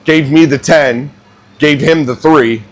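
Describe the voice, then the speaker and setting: Chatty young man, a touch high. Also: slow. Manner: animated, laughing, self-mocking. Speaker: barbecue restaurant cook. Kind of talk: casual storytelling while cooking. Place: restaurant kitchen.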